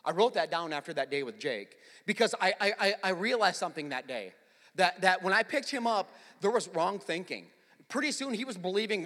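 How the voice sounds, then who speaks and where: Bright-voiced preacher in a reverberant hall. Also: male voice, high voice, expressive, normal speed. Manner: conversational storytelling, swells to forceful emphasis. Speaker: pastor. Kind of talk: sermon. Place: large church.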